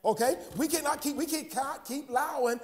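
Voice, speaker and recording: A pastor with a very high-pitched voice preaches a sermon at a brisk pace in an American accent. He stammers, repeats words, restarts, and asks the congregation "huh?" between his points.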